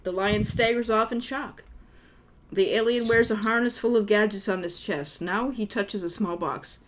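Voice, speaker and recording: A woman's voice: mid-range voice, normal speed. Sarcastic woman reading a gamebook aloud. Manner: sarcastic, exasperated. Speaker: game master reading a gamebook.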